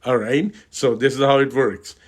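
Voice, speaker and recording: A man from India, a financial advisor hosting a video, explaining a chart slowly with many fillers and pauses. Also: medium pitch, steady tone. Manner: slow, halting, many fillers.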